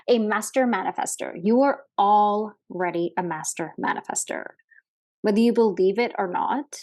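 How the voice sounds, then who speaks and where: A woman's voice: mid-range voice, darkish tone. Chatty woman hosting a motivational podcast. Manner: chatty and upbeat, with frequent fillers and light laughs. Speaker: podcast host. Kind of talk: casual motivational podcast monologue. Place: hotel room, sitting at a desk.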